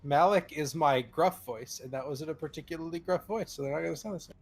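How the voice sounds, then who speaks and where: A man's voice: fairly high pitch, quick pace, soft background music. A man bantering and arguing jokingly as a player in a tabletop game session. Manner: joking, argumentative.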